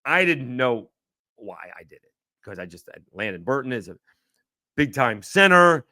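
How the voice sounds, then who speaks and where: A man's voice: mid-range voice, sing-song, a little slow, sharp tone, no room sound, clean studio sound. A man hosting a sports podcast alone, talking casually and rambling, often correcting himself as he thinks aloud. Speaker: podcast host. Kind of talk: casual solo sports talk.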